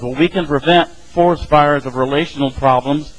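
A man's voice: fairly high pitch, steady tone, brisk, rough recording. A middle-aged man teaching a casual Bible study, talking conversationally and acting out the voices of the people in his stories. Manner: conversational, acts out quoted voices.

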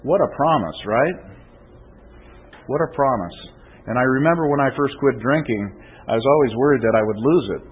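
A man's voice: mid-range voice, expressive, normal speed, husky, narrow, tinny audio. A male pastor delivering a conversational sermon that swells into emphatic preaching, often checking in with "okay?" and "right?".

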